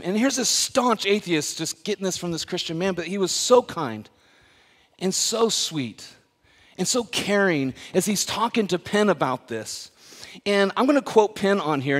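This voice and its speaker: A man preaching a sermon as the pastor, talking casually and then building to loud, emphatic preaching. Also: high voice. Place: church sanctuary. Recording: long reverb of a church hall.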